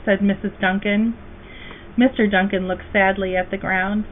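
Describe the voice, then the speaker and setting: A woman reading a children's storybook aloud as a guest reader, slow, gentle and expressive. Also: medium pitch. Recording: tinny phone-like, faint hiss.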